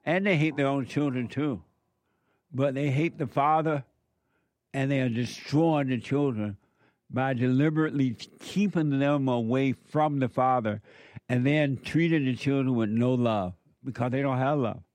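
A man's voice: medium pitch, unhurried, darkish tone, dry recording. A man preaching a sermon, emphatic and repetitive as he addresses a live audience.

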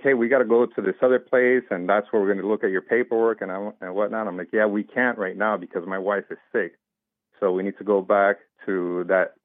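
A man's voice: on the low side, no echo. A man telling a long personal story as an interview guest, in a casual way, acting out what people said. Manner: animated retelling, acts out quoted voices. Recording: dry tinny phone-like line.

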